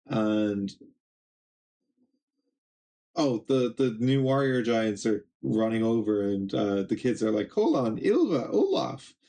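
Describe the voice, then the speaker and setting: A man's voice: on the low side, steady tone, slow pace, pauses often, warm tone. A young man casually reading and recapping a comic, rambling with many ums and little laughs. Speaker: manga reaction streamer.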